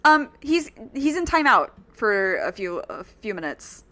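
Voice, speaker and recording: A woman's voice: medium pitch, very animated, unhurried, bright, forceful tone. Chatty exasperated woman streamer. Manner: chatty, exasperated, talks straight to chat. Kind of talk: casual let's-play chat.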